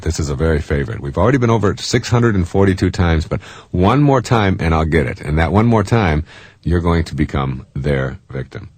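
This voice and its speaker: A middle-aged man giving a self-help talk in a lively way, often mimicking other people's voices and chuckling at his own jokes. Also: extremely low pitch, brisk, slightly rough, no room sound. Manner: animated, jumps into mimicking voices; chuckles while telling jokes. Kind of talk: motivational talk.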